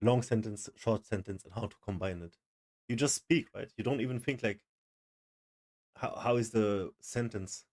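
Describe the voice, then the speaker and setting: A man streaming his reactions to a video, excitable and amazed, swearing casually. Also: fairly low pitch, normal speed.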